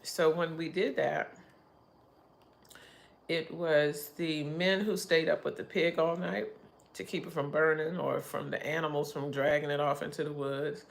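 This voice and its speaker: A woman's voice: low voice, fairly even intonation, unhurried, creaky. A middle-aged woman hosting a casual livestream, chatting in a rambling way and laughing often. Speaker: livestream host.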